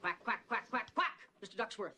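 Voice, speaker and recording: Clip: a performer doing a goofy duck character, very bright and piercing, quacking nonstop. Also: medium pitch, lively intonation. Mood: silly. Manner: rapid repetitive quacking.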